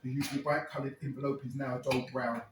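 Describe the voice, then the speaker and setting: A man's voice: medium pitch, level tone, quick pace, noisy background. A man performing a crude, wry monologue as a storyteller in a live one-man show. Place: stage at a live club. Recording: echoey room, mic far off.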